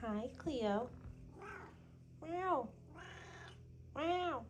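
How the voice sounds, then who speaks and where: A woman's voice: high-pitched, lively intonation, drawn-out words, a little hiss or hum. Woman cooing baby talk at pets. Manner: cooing, sing-song. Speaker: pet sitter. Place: house and yard.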